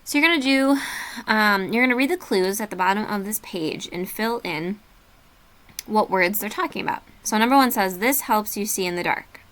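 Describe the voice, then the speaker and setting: A woman's voice: medium pitch, moderate pace, fairly bright tone. Patient woman teacher spelling words aloud. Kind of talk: remote classroom lesson.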